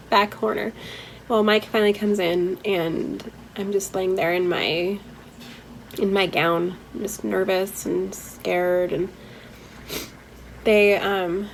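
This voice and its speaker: A woman's voice: mid-range voice, vocal fry, a little hiss or hum, rough recording. Teary woman recounting a hard story. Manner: candid, emotional, rambling with fillers. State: teary, holding back tears; stuffy from a head cold. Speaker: vlogger. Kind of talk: personal vlog storytelling.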